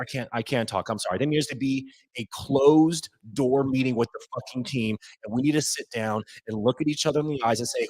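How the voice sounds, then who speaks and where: A male podcast host is so worked up he can barely talk, rambling and swearing through a live after-game rant at a desk mic with his headphones off. His mid-range, darkish voice is brisk with hardly any pauses, and the recording is dry and rough.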